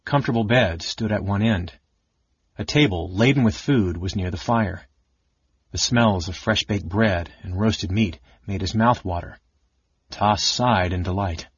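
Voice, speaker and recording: A man narrating an audiobook in a steady, even reading voice. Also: lowish voice, unhurried, breathy edge, no room sound. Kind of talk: scripted narration. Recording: dull, dry audiobook recording.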